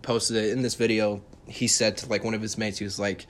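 A young man with a fairly low voice talks through a casual solo podcast episode. He rambles and swears freely, stumbles over restarts and fillers, and turns sarcastic at times. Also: flat delivery, brisk. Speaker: podcast host.

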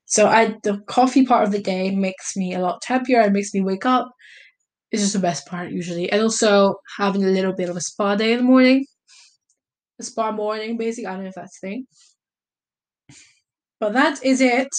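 A woman's voice: mid-range voice, brisk. Rambling young woman answering questions. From Italy. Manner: rambling, hesitant, lots of fillers and self-corrections. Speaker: vlogger. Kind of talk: casual question-and-answer vlog.

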